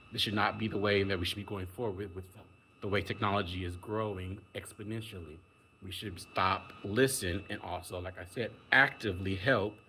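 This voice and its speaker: A man's voice: lowish voice, a bit bright, a little hiss or hum. A man delivering a casual, emphatic monologue rant, exasperated and acting out the people he quotes. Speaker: vlogger.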